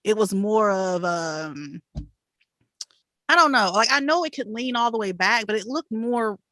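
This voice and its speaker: A woman co-hosting a podcast, telling a story in an animated, chatty way with laughs and fillers. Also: medium pitch, measured pace, no echo, studio quality. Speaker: podcast co-host. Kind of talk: casual storytelling chat.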